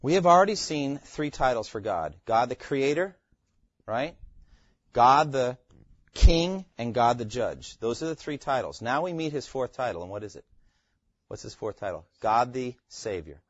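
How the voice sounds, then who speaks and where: A man's voice: medium pitch, big pitch swings, moderate pace, no echo, highs cut off. A man teaching a Bible class, quizzing his students and repeating key phrases.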